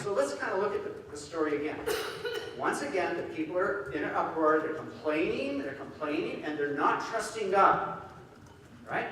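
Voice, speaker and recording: A man preaching a sermon in an animated way, acting out quoted voices. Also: a little high, moderate pace, a little hiss or hum. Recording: echoey hall from far off.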